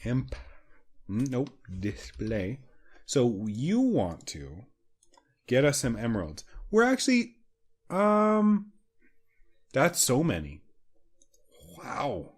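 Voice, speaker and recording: Animated man joking through a gameplay video. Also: mid-range voice, slow, long pauses. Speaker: let's play co-host. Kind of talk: casual gameplay chat.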